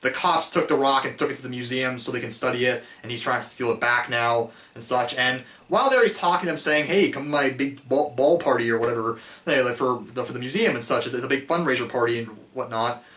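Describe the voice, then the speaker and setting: A man's voice: mid-range voice, quick pace, few pauses, sharp tone. A man hosting a casual film review show, rambling with lots of fillers and restarts and laughing often. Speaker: host reviewing films. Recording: echoey, distant mic.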